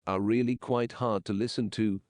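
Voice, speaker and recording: A man narrating an English lesson in slow, measured, explanatory sentences. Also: lowish voice, steady tone, a little mellow, no echo.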